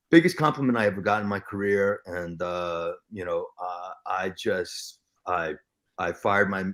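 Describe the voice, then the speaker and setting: Male actor guest, kinda low voice, gets super excited mid-story, lots of restarts. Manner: excitable, with many restarts and acted-out quotes. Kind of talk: storytelling interview chat.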